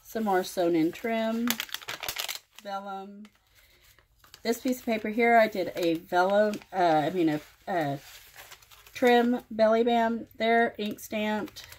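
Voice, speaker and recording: A woman hosting her own craft channel, showing a finished project page by page in plain, unhurried commentary made of short phrases. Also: medium pitch, darkish tone, a little hiss or hum. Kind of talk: casual show-and-tell walkthrough.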